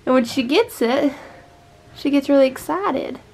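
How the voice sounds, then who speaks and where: A woman's voice: high-pitched, expressive, measured pace, creaky, a little mellow, a little hiss or hum. A young woman in her twenties chatting casually in a home vlog, upbeat and rambling. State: out of breath. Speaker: vlogger.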